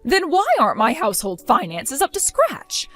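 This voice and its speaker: A woman voicing a spiteful older mother-in-law who insults and orders her daughter-in-law around, in an animated story drama. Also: high-pitched, moderate pace, faint music behind, exaggerated voice. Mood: demanding. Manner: insulting, accusing, domineering.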